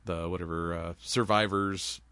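A man's voice: low voice, steady tone, measured pace, sharp tone, clean tone, no room sound. Rambling, laughing man recapping a movie. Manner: rambling, laughs often, swears freely. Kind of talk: casual movie recap chat.

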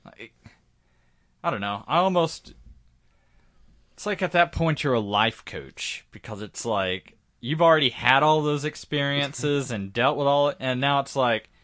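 Male podcast co-host, relaxed and reflective, thinks aloud with hesitations. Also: mid-range voice, unhurried. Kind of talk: casual chat.

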